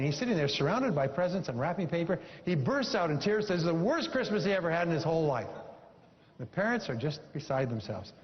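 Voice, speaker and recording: A man speaking from a seminar stage, emphatic and repetitive, telling a story to drive home a point. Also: fairly high pitch. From Canada. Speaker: motivational speaker. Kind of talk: seminar talk with a told joke. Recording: dull recording in a large hall.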